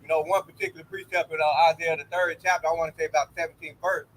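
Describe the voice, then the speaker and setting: Man, emphatic, slightly high voice, casual religious discussion, quick to agree. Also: little pitch movement, fairly bright tone, a little hiss or hum, low-quality recording. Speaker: discussion participant.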